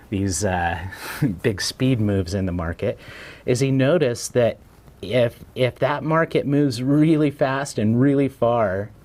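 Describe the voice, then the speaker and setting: A man's voice: lowish voice, darkish tone. A man teaching a live trading lesson in a conversational way, often repeating words and checking in with "right?". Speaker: trading educator.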